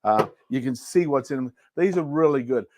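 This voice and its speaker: With an animated, slightly mellow mid-range voice at normal speed, a livestream shopping host chats casually between product demos, though a little hiss or hum is audible. He's playful, jokey, and given to rambling.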